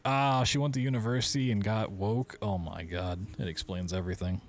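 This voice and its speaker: A man streaming a game, casually reading in-game letters aloud and dropping quick asides. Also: lowish voice, fairly even intonation.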